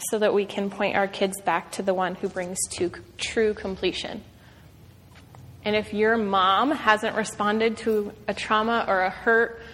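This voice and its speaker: A woman's voice: medium pitch, fairly bright tone, slight background noise. A woman in her thirties, a mother, giving a heartfelt, conversational devotional talk to a room of women, with many "like"s and "um"s. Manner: earnest, conversational, frequent "like" and "um". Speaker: speaker at a women's gathering. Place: large room with an audience. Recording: long reverb of a hall.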